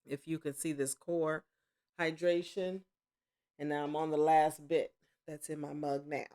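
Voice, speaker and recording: Woman doing a chill tarot reading at home, slow and rambly, keeps correcting herself. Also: low voice. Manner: rambling, self-correcting, with excited exclamations. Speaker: tarot reader. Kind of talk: casual spoken tarot reading.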